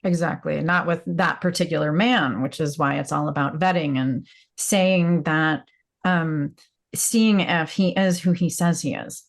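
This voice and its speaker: A woman's voice: sits low, measured pace. A woman hosting a conversational interview who often chimes in with short affirmations and agrees readily. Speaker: interview host.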